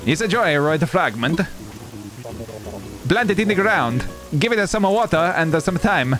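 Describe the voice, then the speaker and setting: A man's voice: high-pitched, expressive, measured pace. Man doing an Italian-accented pigeon cafe owner. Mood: easygoing. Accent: Italian-ish put-on accent. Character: laid-back male pigeon cafe owner. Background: game music.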